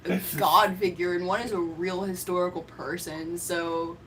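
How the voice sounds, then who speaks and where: Low-voiced laid-back young woman streamer. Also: fairly even intonation, normal speed, a bit bright. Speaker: streamer co-host. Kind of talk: casual stream chat reading chat. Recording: noisy background hiss.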